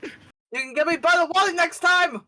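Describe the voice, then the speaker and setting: A man's voice: very high voice, normal speed, sharp tone. A man playing a tabletop role-playing game in character, playful and teasing. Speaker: player.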